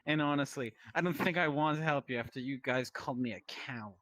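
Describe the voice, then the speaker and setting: A man's voice: medium pitch, fairly quick, fairly bright tone, no echo, natural voice. A man voicing a grumpy male space being in a fan animation, exasperated and dismissive. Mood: annoyed.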